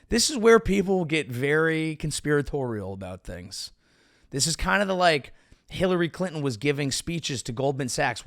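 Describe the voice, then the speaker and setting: Sarcastic rambling comedian host. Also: male voice, no echo, studio quality. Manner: sarcastic, rambling, animated with pitch jumps. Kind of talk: casual comedic commentary.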